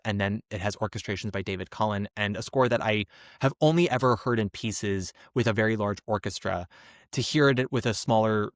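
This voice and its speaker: Man, podcast host, casual chatty review, animated, dry sound. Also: on the low side, no room sound. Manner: chatty and animated, slips into mocking impressions.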